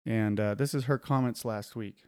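A man's voice: lowish voice, normal speed, heavy background noise. A man hosting a podcast in casual chat, rambling with asides and restarts into a studio microphone. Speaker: podcast host.

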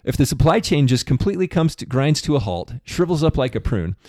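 A man's voice: a little high, sing-song, a little fast, a little mellow, no echo, studio quality. A man co-hosting a podcast in casual conversation, rambling with many restarts. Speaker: podcast co-host.

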